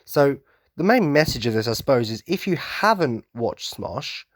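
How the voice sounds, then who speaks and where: A man's voice: medium pitch, very animated, moderate pace, dry recording, clean studio sound. Rambling man hosting a podcast. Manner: rambling, goes off on tangents; enthusiastic and self-mocking. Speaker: podcast host. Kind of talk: casual solo podcast rant.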